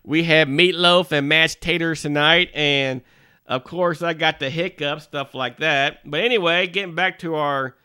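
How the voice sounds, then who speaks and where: A male minister with a bright, smooth, somewhat high voice gives a folksy devotional talk to parents. He speaks conversationally, often adding asides and restarting his sentences. The recording is dry and close. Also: measured pace, no echo. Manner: conversational, with frequent "you know" asides and restarts.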